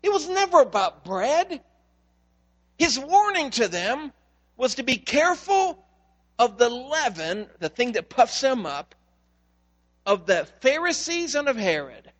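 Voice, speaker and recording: A man preaching a sermon as pastor, telling stories in an animated way and acting out the voices in them. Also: very high-pitched, unhurried, in a large hall. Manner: animated storytelling, acts out voices in quotes.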